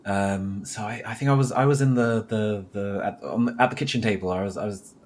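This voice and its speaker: A man from South London, a podcast guest, slowly recalls a memory from his childhood and corrects himself as he pieces it together. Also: on the low side, a little mellow. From South London, England. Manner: reflective, recalls details slowly with self-corrections. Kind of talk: personal storytelling in conversation.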